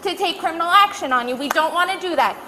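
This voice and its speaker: A woman's voice: extremely high pitch, expressive, fast, background noise. A woman police officer giving firm, clipped, controlled instructions, recorded on a body camera. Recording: echoey distant body camera audio.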